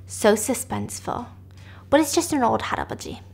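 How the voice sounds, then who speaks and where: A woman hosting a podcast, casually retelling a thriller plot with animated delivery that sometimes drops to a whisper for suspense. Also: on the high side, normal speed, vocal fry, breathy edge. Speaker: podcast host. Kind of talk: casual story recap.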